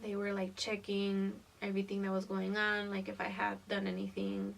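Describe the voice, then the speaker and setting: Young woman vlogger, twenties, mid-pitch voice, casual storytime with lots of swearing, sitting a bit back from the camera mic. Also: monotone, normal speed, creaky, distant mic. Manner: casual and profane, laughing through the story.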